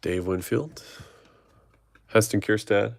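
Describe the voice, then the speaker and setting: Low-voiced man calling out cards. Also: slow pace, creaky. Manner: rattles off player names, chats with viewers. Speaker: card breaker host. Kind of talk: live card-opening stream chat.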